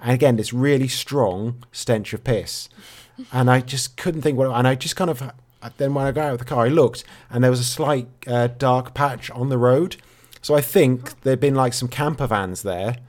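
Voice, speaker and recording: A man co-hosting a podcast, telling a story with dry, deadpan humour in a relaxed, rambling way. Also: mid-range voice, normal speed. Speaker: podcast co-host. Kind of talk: casual chat.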